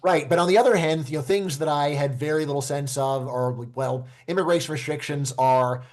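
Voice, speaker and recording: Man talking briskly and emphatically. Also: a little high, darkish tone. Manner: brisk, emphatic, uses "like" and "you know". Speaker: host, economics professor. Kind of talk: conversational discussion.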